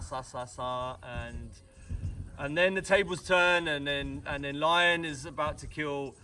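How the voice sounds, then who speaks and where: A man's voice: fairly high pitch, sharp tone, distant mic. A British man retelling a story for his family with jokey asides and rambling restarts. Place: family home at Christmas.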